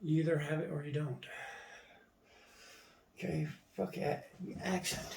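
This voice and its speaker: Gravelly man reading an encyclopedia aloud. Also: fairly high pitch, measured pace, pauses often, darkish tone. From United States. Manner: reads entries aloud, skips parts, swears in asides. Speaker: reader going through an encyclopedia. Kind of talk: casual reading aloud with asides. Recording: echoey room, mic at a distance.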